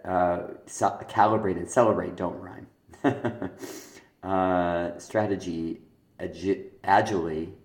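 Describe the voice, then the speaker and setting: Deep male teacher talking through rhyme feedback, hesitant and explanatory, recorded in an echoey room. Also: a little mellow. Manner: explanatory, with fillers and throat-clearing. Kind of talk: spoken feedback on rhyme exercises.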